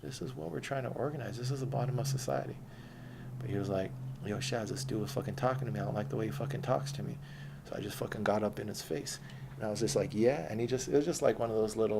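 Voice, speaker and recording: A man's voice: on the low side, gravelly, noisy background. A man telling a rambling, profane, streetwise story from his own life in casual speech.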